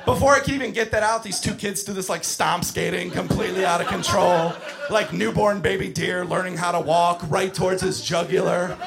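A young man doing stand-up storytelling on a club stage, animated and bursting into shouts. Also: high voice, brisk, vocal fry, music in the background. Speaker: stand-up comedian. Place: comedy club stage before a live crowd. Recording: live crowd audible.

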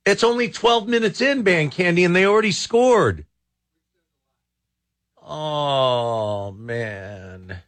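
A man's voice: a little high, slow, pauses often, fairly bright tone. A man hosting a talk radio show, rambling and exasperated, with many false starts. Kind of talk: casual talk radio commentary.

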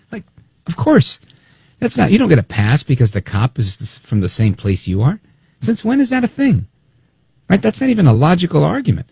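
A man hosting opinionated political talk radio, animated and snide, acting out quotes as he talks. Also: a little high, a little fast, vocal fry, breathy edge, no echo.

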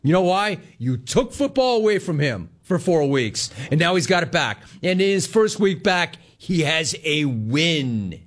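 Sarcastic higher-voiced sports host. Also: male voice, very animated, measured pace, few pauses. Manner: sarcastic, mocking, laughs often. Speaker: sports talk show host. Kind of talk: sports talk commentary.

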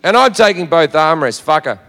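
An Australian man doing stand-up, telling a story in a brash, profane, animated way. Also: a little high, a little fast. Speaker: stand-up comedian. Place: live venue with audience. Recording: echoey hall with crowd noise.

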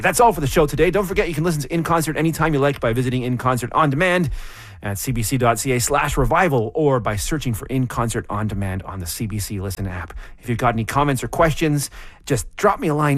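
A man's voice: mid-range voice, dry recording. Guy hosting a concert radio show, easygoing scripted outro, dry booth.

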